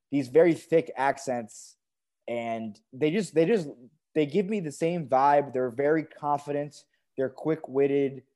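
A man co-hosting a podcast, chatting casually and enthusiastically about a TV episode. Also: mid-range voice. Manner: enthusiastic, relaxed, quick to praise. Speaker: podcast co-host. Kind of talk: casual TV recap chat.

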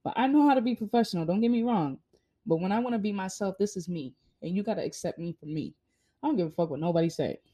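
A woman's voice: mid-range voice, animated, fast talker, warm tone. A young woman giving a blunt, profane motivational monologue, hammering home her points with rhetorical questions. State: hiccuping. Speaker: vlogger.

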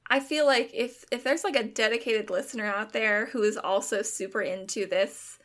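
A woman's voice: a little high, steady tone, normal speed, fairly bright tone. Chatty woman podcast co-host. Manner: chatty, laughs often, many "like" fillers. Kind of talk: casual chat.

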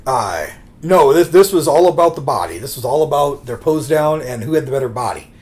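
A man's voice: medium pitch, expressive, brisk, darkish tone. A man co-hosting a podcast who tells rambling anecdotes in casual chat and acts out the quotes. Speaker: podcast co-host.

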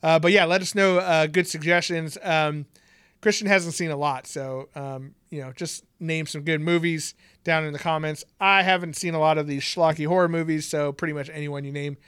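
Young man, podcast co-host, smooth clear voice, dry close sound, relaxed and jokey. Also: a little high, moderate pace, no room sound. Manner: laid-back, laughs often, jokey. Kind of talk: casual chat.

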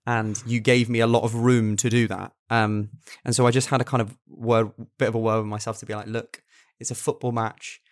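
A young man co-hosting a casual football podcast, talking in quick animated bursts and repeating words as he builds a point. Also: medium pitch. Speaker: podcast co-host.

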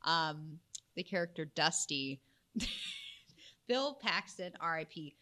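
Lively, bright-toned woman, giggly. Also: low voice, slow. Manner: animated storyteller, giggly. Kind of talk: casual chat about weather myths.

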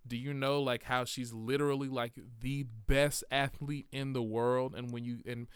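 A man co-hosting a podcast in casual chat, animated and opinionated. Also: medium pitch, normal speed, clear, resonant tone, dry recording, studio quality. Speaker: podcast co-host.

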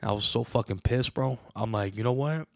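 A young man casually telling a long story on a podcast, animated and profane, calling everyone bro. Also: medium pitch, a little fast, vocal fry, dry recording, clean studio sound. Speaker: podcast co-host.

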